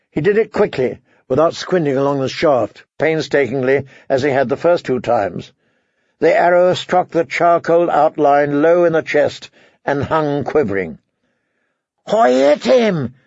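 A man reads a story aloud in measured narration. His voice is husky with a gravelly edge. The recording is dry, close and a bit dull. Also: fairly high pitch, darkish tone, no room sound. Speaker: audiobook narrator. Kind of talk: scripted narration.

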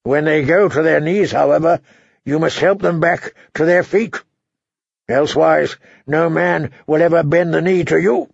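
Guy reading a stern old lord, slow and deliberate, gravelly, kinda husky, flat dry audio. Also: on the high side, no room sound. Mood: cold commanding. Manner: measured, authoritative, deliberate. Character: cold, commanding older lord, a grandfather. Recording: dull, dry recording.

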